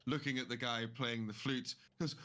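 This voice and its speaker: A man narrating a tabletop game as game master, relaxed and rambling with many fillers. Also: mid-range voice, moderate pace.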